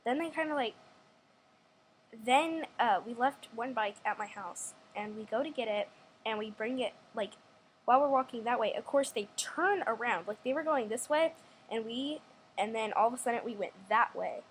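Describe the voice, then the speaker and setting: High-voiced young female storyteller rambling. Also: normal speed, a little hiss or hum, poor audio. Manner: rambling, restarts often, acts out quotes. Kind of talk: casual storytime vlog.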